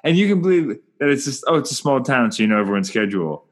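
A man's voice: medium pitch, sing-song, quick pace. A man from Ontario co-hosting a casual film chat, musing aloud and often restarting his sentences. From Ontario, Canada.

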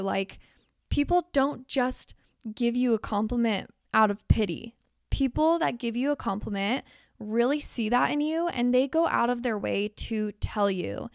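Young woman, podcast host, raspy hoarse voice, gravelly fry, smooth resonant tone, dry close sound. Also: on the high side, dry recording. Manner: emphatic, blunt, swears casually. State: hoarse, losing her voice. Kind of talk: casual motivational talk.

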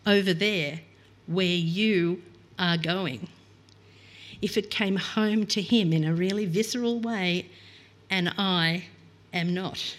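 A woman's voice: fairly low pitch, slow, pauses often. A middle-aged woman preaching a reflective, earnest sermon and reading scripture aloud.

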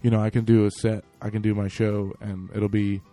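A man's voice: lowish voice, level tone, fairly quick, warm tone, faint music behind. A man chatting casually as a guest musician, rambling with many fillers. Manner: rambling, lots of fillers, acts out quotes. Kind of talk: casual conversation.

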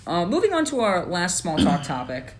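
Animated young guy talking sports. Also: high-pitched, normal speed, a little hiss or hum. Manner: animated, opinionated, lots of fillers. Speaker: podcast co-host. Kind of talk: casual sports podcast chat.

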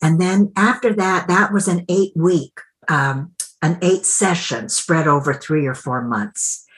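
Low, unhurried woman telling a story. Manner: reflective, acts out quoted dialogue. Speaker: mentor and coach. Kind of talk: conversational interview storytelling.

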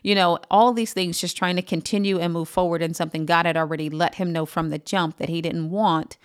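A woman pastor giving an earnest, emphatic Bible teaching on a podcast, pausing often with "um". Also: on the low side, steady tone, clear, resonant tone. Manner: earnest, emphatic, with frequent "um" pauses.

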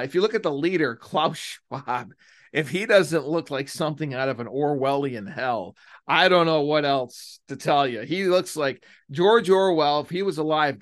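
A man's voice: on the high side, fairly bright tone, dry recording, clean studio sound. Mocking, emphatic man, a podcast host. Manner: mocking, emphatic, drags out key phrases. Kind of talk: solo political podcast commentary.

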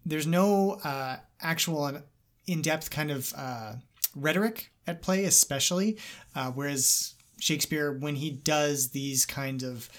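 A man's voice: fairly high pitch, unhurried. A man co-hosting a podcast, talking analytically with many hesitations and uhs. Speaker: podcast co-host. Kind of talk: casual literary discussion.

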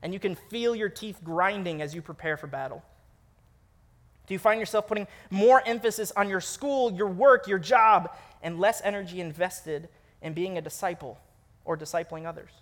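Animated high-voiced young male preacher. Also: moderate pace. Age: young adult. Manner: animated storytelling, laughs at himself. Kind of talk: sermon.

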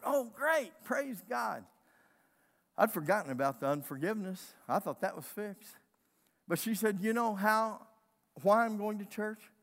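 A man preaching a sermon as pastor, telling a story, moving between loud emphatic lines and quiet retelling. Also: high voice. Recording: long reverb of a church hall.

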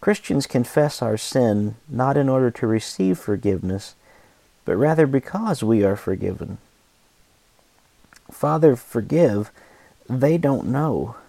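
A podcast host reading a devotional book excerpt aloud, in a measured, emphatic manner with deliberate pauses. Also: male voice, mid-range voice, gravelly, warm tone, no echo.

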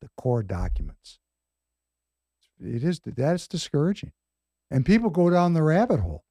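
Husky man chiming in. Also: on the high side, sing-song, normal speed, warm tone, no echo. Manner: short agreeing interjections. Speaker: podcast co-host. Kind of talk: casual political chat.

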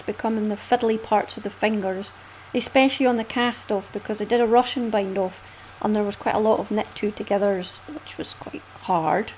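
A Scottish woman hosting a casual knitting podcast, chatty and quick to laugh, often swooping up in pitch. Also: a little mellow, a little hiss or hum, poor audio. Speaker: podcast host.

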